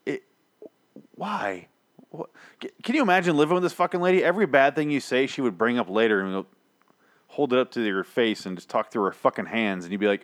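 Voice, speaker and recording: A hoarse man co-hosting a podcast in casual chat, swearing freely and riffing with laughter. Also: mid-range voice, fairly quick. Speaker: podcast co-host.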